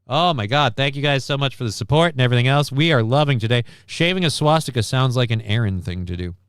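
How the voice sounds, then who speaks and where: A man's voice: mid-range voice, lively intonation, fast, a bit bright, clean tone, dry recording. A man hosting a casual live stream, rambling and wry with crude asides, reading out and thanking viewers. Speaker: stream host.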